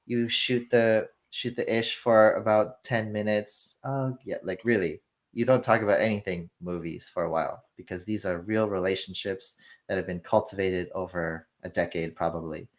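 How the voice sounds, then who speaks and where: Interview guest, male, low voice, animated storyteller who plays out the dialogue himself. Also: normal speed. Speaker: film industry guest. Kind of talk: casual conversational explanation.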